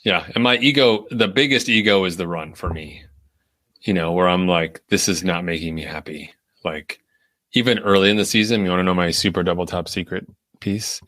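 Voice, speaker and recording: A man's voice: sits low, fairly quick, no room sound. A man co-hosting a podcast in casual chat, telling stories with a laugh and acting out his own inner voice. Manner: animated storytelling, acts out his own inner voice; laughs often, lots of filler words. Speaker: podcast co-host.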